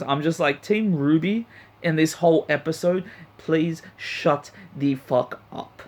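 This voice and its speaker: Guy ranting about an anime ep, swears a lot, blunt and worked up. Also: a little high. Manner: profane, blunt, heated ranting. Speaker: anime reviewer. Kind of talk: ranting review vlog.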